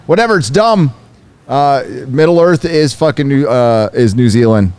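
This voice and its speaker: A man's voice: medium pitch, animated, normal speed, darkish tone, smooth. A man co-hosting a live stream, chatting casually with lots of swearing and reading news and donations aloud. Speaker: co-host. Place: live event venue.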